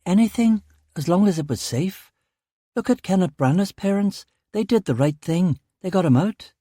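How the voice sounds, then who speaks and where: Worried young mother, high and urgent, read by a male narrator in a dry, close audiobook. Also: lively intonation, moderate pace, dark tone, dry recording. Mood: pleading. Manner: urgent, pleading. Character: anxious young mother pleading to emigrate.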